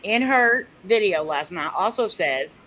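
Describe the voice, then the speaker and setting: A woman hosting a casual live-stream panel, chatty and quick to laugh as she tells stories. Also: fairly low pitch, expressive, fairly bright tone, low-quality recording. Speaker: host.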